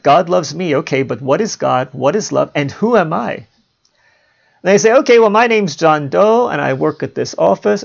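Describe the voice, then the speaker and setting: A man hosting a podcast, musing on philosophy in a relaxed monologue and chuckling at his own asides. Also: on the high side, vocal fry. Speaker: podcast host. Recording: dull lo-fi home recording.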